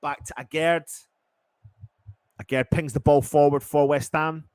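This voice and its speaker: A man giving partisan live football commentary as a fan, swearing and swinging from low muttering to loud shouts. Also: fairly even intonation, unhurried, smooth, no room sound.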